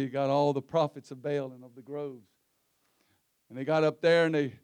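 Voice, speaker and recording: A man preaching a sermon, telling the story in a folksy way that swings between low murmurs and shouts.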